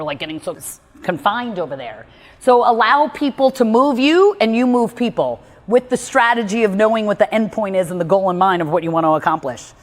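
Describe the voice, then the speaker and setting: Lively woman host giving a motivational talk, voice ringing with long reverb. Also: mid-range voice. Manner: animated, acts out quotes from others.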